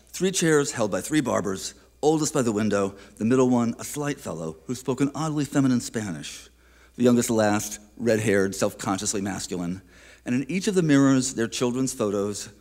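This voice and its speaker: A man giving a poetry reading at a museum, introducing his poem in a reflective, unhurried way with small hesitations, then reading it aloud. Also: medium pitch, a little mellow. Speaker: featured poet. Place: live reading in an art museum.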